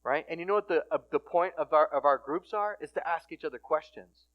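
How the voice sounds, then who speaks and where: A middle-aged man with a fairly high voice gives a sermon at a recovery ministry. He talks casually, with restarts and filler, and moves from hushed, close moments to loud, emphatic points. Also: brisk, dull audio. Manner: casual conversational phrasing with restarts.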